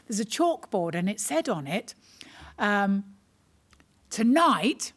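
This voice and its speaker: A woman comedian hosting an online awards ceremony, telling self-mocking stories with dry humour before reading out nominees. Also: on the high side. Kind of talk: stand-up anecdote and award hosting.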